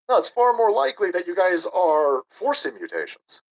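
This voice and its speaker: A man's voice: high voice, sing-song, moderate pace, vocal fry, hardly any pauses, lo-fi sound. A man doing a profane, mocking reaction commentary on a video clip as a streamer.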